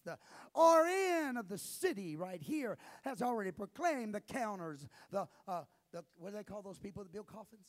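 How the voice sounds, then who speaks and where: A male pastor preaching a sermon, often building up to impassioned shouting. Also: high voice, big pitch swings, normal speed.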